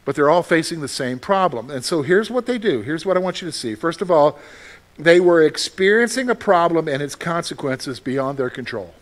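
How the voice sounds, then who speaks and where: A man with a high voice preaching to his congregation. He talks in a loose, conversational way, asks the room questions and acts out short voices to make a point. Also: expressive, moderate pace. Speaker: pastor. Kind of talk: sermon.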